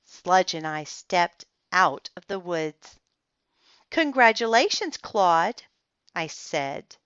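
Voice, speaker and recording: A woman reading a children's chapter book aloud in a slow, careful and expressive manner. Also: low-pitched, smooth, no room sound. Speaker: storybook reader. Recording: slightly dull, muffled recording.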